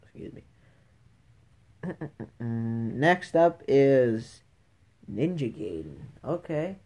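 A woman's voice: extremely low pitch, big pitch swings, extremely slow, warm tone. A woman giving let's play commentary, taunting enemies and shrieking in frustration at the game. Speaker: gamer playing retro games.

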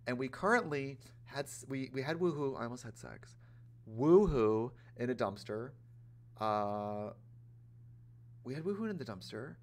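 A man hosting a casual gaming livestream, chatty and animated, talking straight to his chat in a campy, playful way. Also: medium pitch, a little slow. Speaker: livestream host playing a life-sim game.

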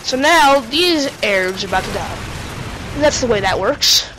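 A woman's voice: on the high side, expressive, moderate pace, fairly bright tone, slight background noise, poor audio. Sarcastic woman narrating a shooter game. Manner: sarcastic, jokey, talks to game characters. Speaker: let's play commentator. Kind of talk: casual gameplay commentary.

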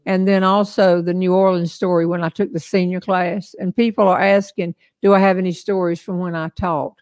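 A woman's voice: on the low side, little pitch movement, normal speed, darkish tone. An older woman with a Southern US accent hosting a casual live-stream chat, folksy and chatty, laughing often. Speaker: host.

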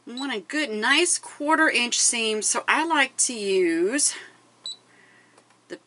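A woman's voice: a little high, animated, slow pace, sharp tone, a little hiss or hum, poor audio. A woman hosting a quilting tutorial, talking through each step casually and counting measurements aloud as she works. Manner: talks to herself while working, counting measurements aloud. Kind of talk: casual step-by-step craft demonstration.

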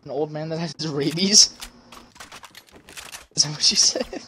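A man chatting casually with friends while gaming, goofy and teasing, jumping between loud outbursts and low mumbles. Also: measured pace, slight background noise. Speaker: gamer.

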